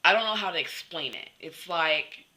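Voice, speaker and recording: Young woman vlogging, bright and candid. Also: on the low side, animated, moderate pace, low-quality recording. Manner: candid, rambling, fillers like "like". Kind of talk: personal confessional vlog.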